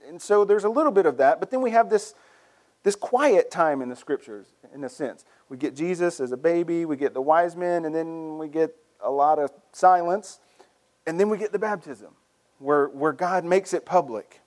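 Male pastor, sermon, conversational, animated, slightly high voice, restarts phrases. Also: moderate pace. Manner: conversational, animated, repeats words when starting phrases.

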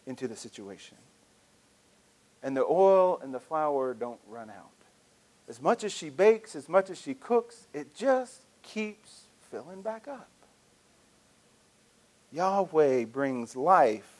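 A man's voice: mid-range voice, a little mellow. A male pastor preaching a sermon in a conversational, storytelling way with frequent restarts.

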